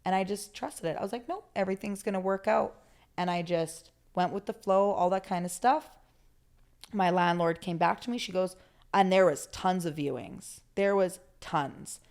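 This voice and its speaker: Woman guest, lower register, candid and animated, casual swearing, storytelling in conversation. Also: moderate pace. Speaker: podcast guest, therapist.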